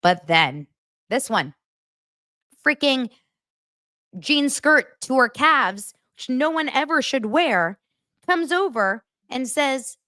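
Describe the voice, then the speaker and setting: This reality TV podcast host has a high voice, a slow pace, and frequent pauses. Her casual gossip show is animated and blunt, with free swearing and quotes acted out in voices, captured as a dry, studio-quality recording.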